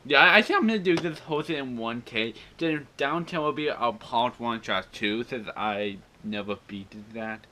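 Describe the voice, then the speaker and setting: A man playing a video game and commenting on it, yelling and exclaiming at what happens on screen. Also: medium pitch, lively intonation, normal speed, hardly any pauses, slight background noise, low-quality recording. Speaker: let's play gamer. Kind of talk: excited gameplay commentary.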